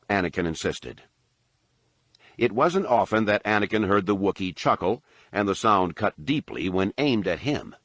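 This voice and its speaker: Deep voiced guy reading an audiobook, lots of pitch swing, dry close sound. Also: normal speed, dry recording. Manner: expressive, voices each character. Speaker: audiobook narrator.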